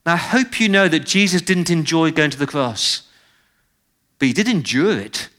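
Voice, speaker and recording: A man delivers a sermon to a church congregation in a fairly high voice. He is expressive and swings between loud and quiet. He stretches out key phrases for emphasis. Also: moderate pace. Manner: expressive, dramatic shifts in pitch and loudness. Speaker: pastor.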